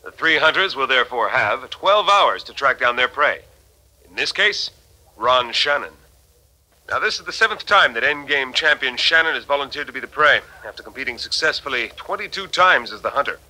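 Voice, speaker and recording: A man's voice: mid-range voice, lively intonation, moderate pace, sharp tone, rough recording. An actor playing a polished male TV announcer who hypes a deadly future game show. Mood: promotional. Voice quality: polished, promotional delivery. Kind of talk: broadcast announcing.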